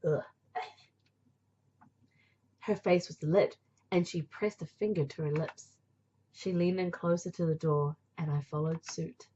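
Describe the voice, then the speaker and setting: A woman reading a visual novel aloud as narrator, with chatty, playful asides and a breathy voice. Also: sits low, steady tone, measured pace, pauses often, dark tone, highs cut off. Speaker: game narrator and player.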